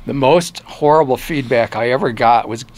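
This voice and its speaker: An older man with a Michigan accent and medium pitch tells lively stories at normal speed as an interview guest. A former newspaper reporter, he's an animated storyteller who acts out quoted voices in casual conversation.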